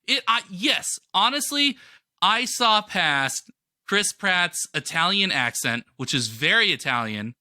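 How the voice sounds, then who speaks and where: A man's voice: high voice, big pitch swings, measured pace, bright, forceful tone, no echo, clean studio sound. A man chatting casually as a podcast cohost, enthusiastic and rambling with lots of fillers. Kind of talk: casual pop-culture chat.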